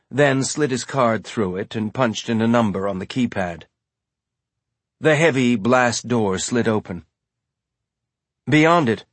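A man giving measured, scripted audiobook narration. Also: mid-range voice, dry recording.

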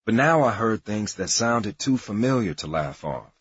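A man's voice: on the low side, animated, moderate pace, a bit bright, breathy edge, no room sound. A man narrating his own life story in a confessional, profane way. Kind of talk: memoir narration mixed with archival comedy clips. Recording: dull lo-fi recording.

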